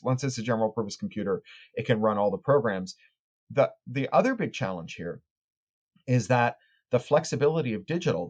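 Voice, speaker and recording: A male author and tech critic answers podcast interview questions in long, articulate explanations, often making small restarts. His voice is medium-pitched and a little mellow.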